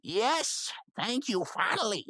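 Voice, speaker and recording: A woman's voice: mid-range voice, big pitch swings, takes it slowly, a bit bright, dry recording. Brash exasperated woman comedian. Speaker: podcast co-host. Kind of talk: improvised comedy role-play.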